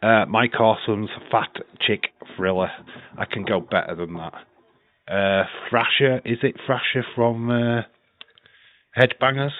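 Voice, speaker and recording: A man's voice: on the low side, measured pace. Man on a tinny phone line. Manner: swears freely, laughs often. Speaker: podcast host. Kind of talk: casual live podcast chat.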